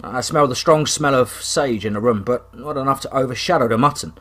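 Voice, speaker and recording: A man reading a first-person horror story aloud, dramatic and rising to shouts. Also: medium pitch, a little fast.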